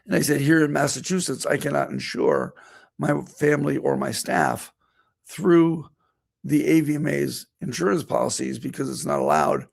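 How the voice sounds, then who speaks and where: A man's voice: a little high, sing-song, moderate pace, gravelly. A middle-aged man, a veterinarian, telling a personal anecdote during a talk and quoting what he and others said. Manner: storytelling, quoting himself and others.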